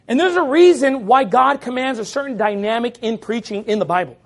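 A man preaching a sermon as pastor, forceful and loud at times, mocking the voices of his critics. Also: extremely high pitch, a little fast, few pauses.

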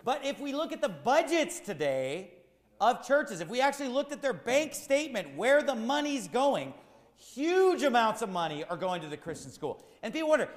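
A man's voice: extremely high pitch, very animated, normal speed, roomy sound, in a large hall. A man preaching a sermon as pastor, firing rhetorical questions in a repetitive, emphatic cadence.

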